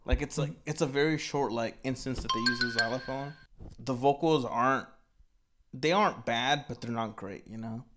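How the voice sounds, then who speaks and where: A man's voice: medium pitch, moderate pace, music in the background. A young man co-hosting an album review show, rambling casually with constant "like" and "you know". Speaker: album review podcast co-host. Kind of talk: casual chat.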